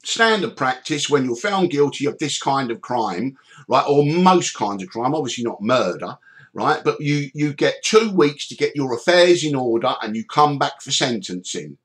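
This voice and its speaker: A middle-aged man hosting a podcast, telling stories in an animated way, swearing freely and acting out the people he quotes. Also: mid-range voice, moderate pace. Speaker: podcast host. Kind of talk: storytelling chat.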